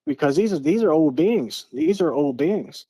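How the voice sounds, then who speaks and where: A man's voice: on the high side, expressive, moderate pace, warm tone, husky, no echo. Earnest rambling man from Maryland. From Eastern Maryland, US. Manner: earnest, repetitive, often restarts phrases. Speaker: podcast guest. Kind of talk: casual storytelling.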